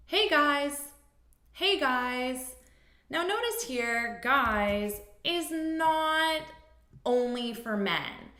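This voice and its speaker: A woman English teacher explaining pronunciation, modelling phrases slowly and asking learners to repeat them. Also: medium pitch, fairly bright tone, roomy sound. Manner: slow, deliberate, modelling phrases for repetition.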